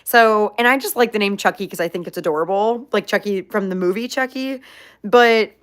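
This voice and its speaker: This channel host, a young woman who owns a pet pig, speaks at medium pitch and a slightly quick pace. She answers viewers' questions in a casual, upbeat, chatty way, leaning heavily on fillers like "like."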